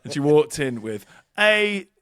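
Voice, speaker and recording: A man's voice: a little high, big pitch swings, a little slow, fairly bright tone, no echo, studio quality. A man co-hosting a casual podcast chat, rambling and self-mocking with lots of hesitations. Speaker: podcast co-host.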